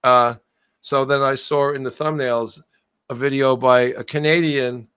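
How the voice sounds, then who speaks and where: A man's voice: medium pitch, fairly even intonation, unhurried, fairly bright tone, smooth, no echo. A man telling a long story in a casual interview, often trailing off and starting his sentences over. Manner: rambling, trailing off and restarting. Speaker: guest musician.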